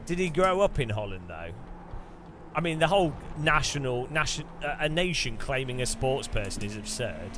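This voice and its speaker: A man's voice: medium pitch, animated, normal speed, background noise. A man chatting casually about sim racing as he plays, rambling with chuckles and restarts. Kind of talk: casual gaming chat.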